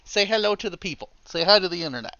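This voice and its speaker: Bright-voiced easygoing male streamer. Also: sits high, animated, fast, no room sound, muffled recording. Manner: easygoing and chatty, with frequent soft laughs. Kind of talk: casual livestream chat. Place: home room at his computer. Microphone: headset. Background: faint background music.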